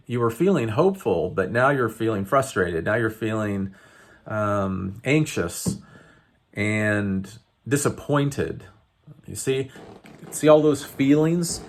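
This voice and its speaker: A man coaching viewers in an unscripted talk, earnest and halting, with many fillers and restarts. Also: mid-range voice. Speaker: wellness coach. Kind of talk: unscripted teaching to camera.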